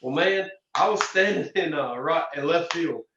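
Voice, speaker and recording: A young man, a racer guest telling animated stories in a casual interview. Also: a little high, normal speed, noisy background. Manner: animated storyteller, frequent restarts and "man". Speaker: drag racer and podcast guest. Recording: distant, roomy, dull lo-fi sound.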